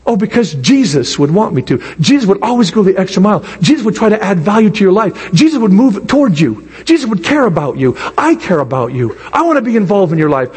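Husky high-voiced man preaching in a hall. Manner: animated, drawn-out emphatic preaching with acted asides. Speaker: pastor. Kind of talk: sermon. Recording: long hall reverb.

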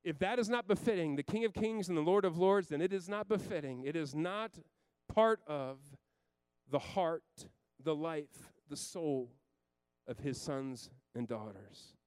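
A man in his thirties preaching a sermon as a pastor, emphatic and swinging from loud to hushed. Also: fairly high pitch, unhurried, smooth, no echo.

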